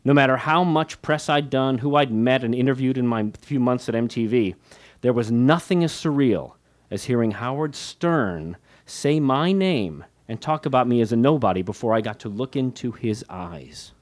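A man's voice: mid-range voice, animated, moderate pace. A man reading his own memoir aloud, with wry, candid, self-mocking humor and light laughs between phrases. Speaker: author narrating his memoir. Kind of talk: audiobook memoir narration.

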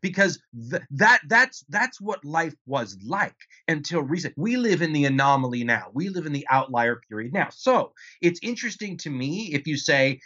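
A man's voice: fairly high pitch, expressive, normal speed, hardly any pauses, pushed and bright, muffled recording. A man speaking as an author guest in an interview, explaining his ideas at length with frequent restarts and rhetorical questions. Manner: discursive, restarts often, rhetorical "right?". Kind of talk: conversational interview answers.

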